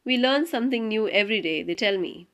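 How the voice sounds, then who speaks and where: A woman's voice: on the high side, lively intonation, fast talker, fairly bright tone. A woman voicing a male prison governor in an audiobook reading, clipped and questioning. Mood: dry.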